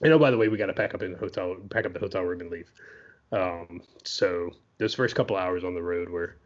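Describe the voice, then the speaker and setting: A podcast co-host tells a story in a loose, chatty style, dropping in plenty of "you know" and "right?" asides. His voice is low and fairly quick, and the audio sounds dull.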